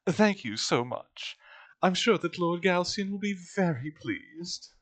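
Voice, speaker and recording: A man voicing a polite young woman dancer in a gentle, lifted voice while reading game lines. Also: high-pitched, lively intonation, measured pace, no room sound, pitched above the performer's own voice, full character voice. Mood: sweet.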